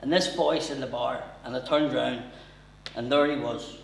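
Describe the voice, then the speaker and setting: A Northern Irish man doing stand-up comedy in a crude, brisk storytelling manner. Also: medium pitch, steady tone, gravelly, far from the mic, a little hiss or hum. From Northern Ireland. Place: comedy venue with an audience. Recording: roomy venue, heard from afar.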